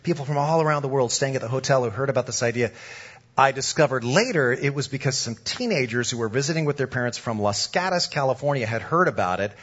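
A male pastor telling a lively, comic story during a sermon. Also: medium pitch, fast, breathy edge, muffled recording.

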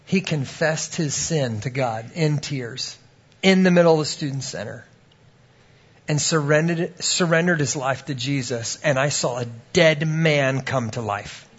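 Brief: male pastor mid-sermon, storytelling with animated quoted voices, slightly high, muffled lo-fi recording. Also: measured pace, husky.

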